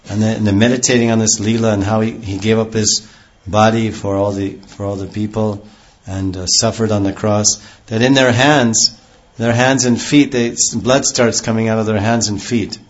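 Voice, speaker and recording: A man giving a rambling devotional lecture with many restarts, heard on a dull lo-fi recording. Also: fairly low pitch. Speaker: spiritual teacher.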